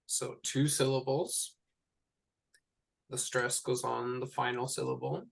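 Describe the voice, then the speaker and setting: A man teaching a one-on-one language lesson, patiently explaining sounds and repeating each word slowly. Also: mid-range voice, flat delivery, vocal fry. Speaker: Hebrew teacher. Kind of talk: tutoring session.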